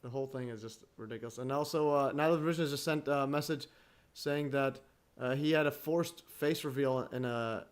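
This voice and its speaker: A man hosting a livestream in casual chat, halting and full of restarts, chuckling often as he talks. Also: medium pitch. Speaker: livestream host.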